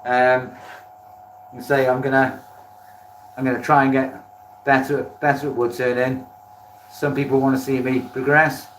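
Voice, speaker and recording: A man's voice: mid-range voice, flat delivery, moderate pace, pauses often, a bit bright, a little hiss or hum. Chatty man in an echoey workshop. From Wales. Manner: chatty, self-deprecating, thanks viewers by name. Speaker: woodturning livestreamer. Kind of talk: casual live-stream chat while working. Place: home workshop. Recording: echoey workshop, mic at a distance.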